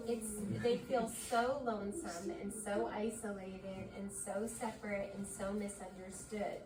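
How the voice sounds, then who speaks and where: A woman presenting a parent workshop, explaining gently and thoughtfully. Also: medium pitch, little pitch movement, unhurried, few pauses. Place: indoor workshop room. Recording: echoey room, distant mic, background noise.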